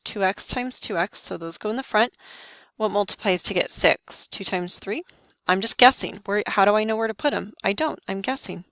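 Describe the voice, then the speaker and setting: A woman teaching math, leading the class step by step and checking in with short questions. Her voice sits at a middle pitch for a woman. The recording is close and dry, with no room sound. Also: a bit bright, no room sound. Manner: talks students through each step with quick questions. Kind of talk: lesson walkthrough.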